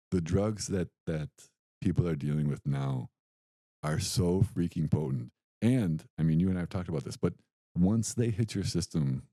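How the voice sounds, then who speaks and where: On this dry recording, a young man's voice sits low. He's a podcast co-host spinning a story in casual conversation, animated throughout and performing each quote as he goes.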